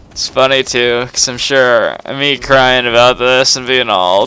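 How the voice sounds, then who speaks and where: Tipsy late-teen guy, slow and rambling, crisp bright voice, swears and sighs between lines. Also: medium pitch, steady tone. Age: late teens. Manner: rambling, profane, laughs and sighs between phrases. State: tipsy from drinking. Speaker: gamer recording a personal vlog. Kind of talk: rambling confessional monologue.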